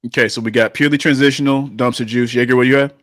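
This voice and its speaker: A man's voice: mid-range voice, steady tone, rapid-fire, a bit bright, no echo, studio quality. A man hosting a casual panel chat, reading out stats and stumbling over restarts. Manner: reads out stats, many restarts and fillers. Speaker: host running the tier list.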